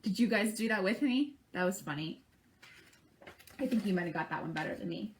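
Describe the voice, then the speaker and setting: A woman's voice: medium pitch, expressive, brisk, slight background noise. A woman reading a picture book aloud to children at a library, stopping to chat and imitate bird calls with them. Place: library program.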